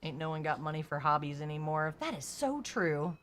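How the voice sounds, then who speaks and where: A woman's voice: sits low, lively intonation, brisk. Woman, casual streamer chat, laughs a lot, light background noise. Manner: storytelling, laughs often, swears casually.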